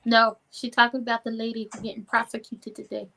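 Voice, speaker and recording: A woman's voice: a little high, monotone, fairly quick, creaky, background noise. A woman co-hosting a casual live stream, relaying viewers' comments from the chat.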